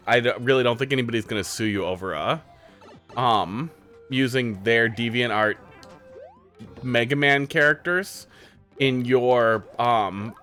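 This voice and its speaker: A man's voice: medium pitch, fairly bright tone. A man streaming live, playing viewer-made game levels and giving rambling, candid critique in a casual way.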